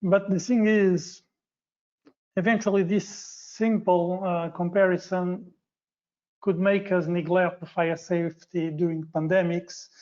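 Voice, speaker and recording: Portuguese-accented man, non-native English speaker, webinar presenter; flat and hesitant, lo-fi call audio. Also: high voice. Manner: halting, frequent fillers and self-corrections. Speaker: guest speaker.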